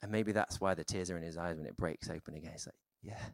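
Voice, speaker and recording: A man preaching a sermon in a relaxed, conversational way, with many fillers and restarts. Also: deep voice, quick pace, creaky, no echo, studio quality.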